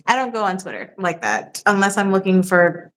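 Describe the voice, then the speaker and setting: A woman's voice: mid-range voice, sing-song, moderate pace, a bit bright. A young woman hosting a casual livestream, chatting with a guest, reading viewer questions and laughing often. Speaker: livestream host.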